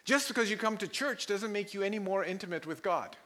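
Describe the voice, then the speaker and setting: Animated, bright-voiced male pastor preaching. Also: high-pitched, brisk. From Pakistan. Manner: animated storyteller, laughs often, mimics voices. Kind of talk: sermon with personal stories.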